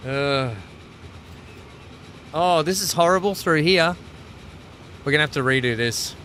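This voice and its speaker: A man with a bright, forceful voice sitting a touch higher than most men's, talking casually through a game livestream. He tells stories animatedly and laughs often, in a chatty, easygoing flow. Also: a little slow, a little hiss or hum, rough recording. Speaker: streamer. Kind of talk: casual livestream chat while playing.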